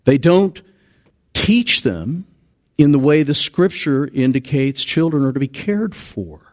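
A man preaching a sermon as pastor, animated and acting out quoted voices. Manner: animated, acts out quoted voices with big pitch jumps. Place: church sanctuary.

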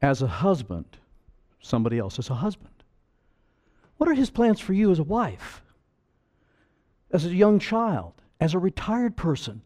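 Animated, high-pitched preacher. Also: male voice, unhurried, long pauses. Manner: pleading, emphatic, rhetorical questions. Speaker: pastor. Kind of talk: sermon.

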